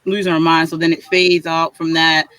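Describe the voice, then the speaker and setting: A man's voice: a little high, flat delivery, normal speed, pushed and bright, poor audio. A man hosting a casual chat among writers on a video call, retelling a story in a rambling way full of "like". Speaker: host of a writing session.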